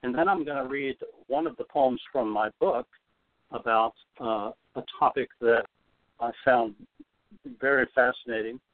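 An older man, a retired teacher, explaining things patiently in a podcast interview, with many "uh" pauses. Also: medium pitch, dry recording. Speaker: guest, retired teacher and limerick author. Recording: dry, phone-like audio.

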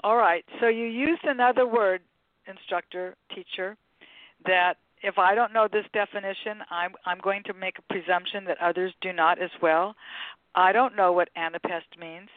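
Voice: mid-range voice, fairly even intonation, moderate pace, no echo. A podcast host asking polite, curious questions of a guest. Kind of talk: podcast interview. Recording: dry, phone-like audio.

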